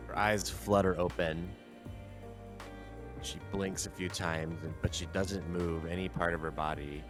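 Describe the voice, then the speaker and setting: A man narrating a tabletop game as game master, in a relaxed, conversational way, with music playing behind. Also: sits low, unhurried.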